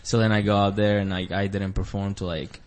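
A man's voice: on the low side, flat delivery, a little fast. A young man, a comedian, telling a rambling story among friends, full of fillers and acted-out quotes.

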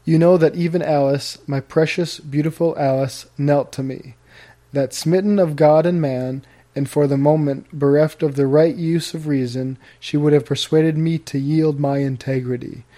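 Solemn puritan husband, formal old-style speech, mellow tone, slightly high, read by a man. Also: fairly even intonation, normal speed, close to an everyday voice. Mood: earnest.

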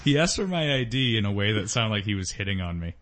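A man's voice: fairly low pitch, very animated, fast talker, crowd noise. Laughing man telling rambling stories. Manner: laughs often, rambling storyteller. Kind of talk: casual comedy chat.

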